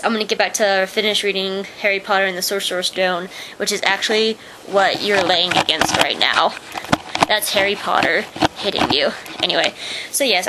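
A woman's voice: medium pitch, sharp tone, slight background noise, low-quality recording. Bubbly young woman vlogging late at night. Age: young adult. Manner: chatty, rambling, bubbly sign-offs. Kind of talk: casual vlog chat.

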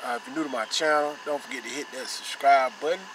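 A man's voice: medium pitch, quick pace. A man hosting a car detailing channel, casually showing off the results and pointing them out over and over. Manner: repetitive, pointing things out. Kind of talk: casual how-to demonstration. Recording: noisy ambience, vehicle sounds.

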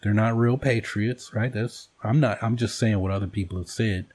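Man, casual vlog monologue, salty language, animated jokey storytelling. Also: on the low side, moderate pace, breathy edge. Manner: profane, joking, animated storytelling. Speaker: vlogger host.

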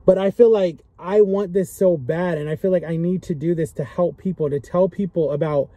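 A man's voice: sits high, normal speed, warm tone, no echo. A young man talking straight to camera in an impassioned vlog, earnest and pleading, repeating himself for emphasis and emotional as he speaks. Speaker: vlogger. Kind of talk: impassioned direct-to-camera talk.

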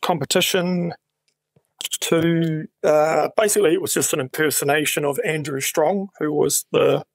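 A middle-aged man with a New Zealand accent, a guest actor on a podcast, telling animated anecdotes in a casual chat with voiced quotes of other people. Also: on the high side, moderate pace, no room sound, studio quality.

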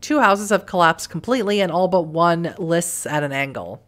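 A woman's voice: lowish voice, normal speed. A woman hosting a let's play, reading the game's text aloud with wry, joking asides.

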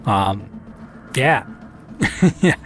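A man's voice: on the low side, lively intonation, very slow, fairly bright tone, faint music behind. A man giving casual, self-mocking commentary while playing a shooter game, talking back to the enemies on screen. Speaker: let's play commentator.

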